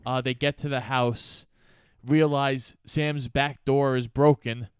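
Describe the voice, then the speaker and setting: Podcast co-host, man; clear smooth tone, a bit high, giggly casual recap, dry close sound. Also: steady tone, takes it slowly, no room sound. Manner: laughs easily, gleeful exclamations. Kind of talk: casual movie recap chat.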